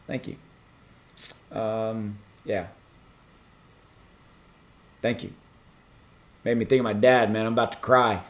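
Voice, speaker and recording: A man hosting a crypto livestream from a home setup, reading out viewer messages in a rambling, halting way with many ums and restarts. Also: mid-range voice, darkish tone. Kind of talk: casual livestream chat reading super chats.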